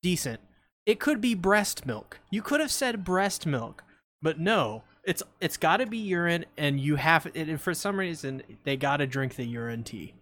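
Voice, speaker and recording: Podcast co-host, male, higher voice, jokey and loose, rambling. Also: expressive, normal speed, fairly bright tone. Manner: jokey, rambling, reads out chat comments. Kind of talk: casual chat.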